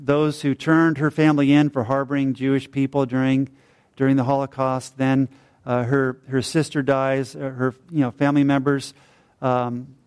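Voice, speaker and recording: A man's voice: mid-range voice, a little mellow, smooth. A middle-aged man preaching a sermon, telling stories in a conversational way with fillers and tag questions.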